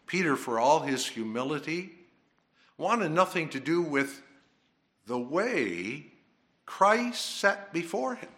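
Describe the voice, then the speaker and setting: A male preacher delivers a sermon at a slow, deliberate pace. His bright voice moves in lively swings of pitch, dropping to a hush and then rising emphatically. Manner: emphatic, dramatic swings between soft and loud.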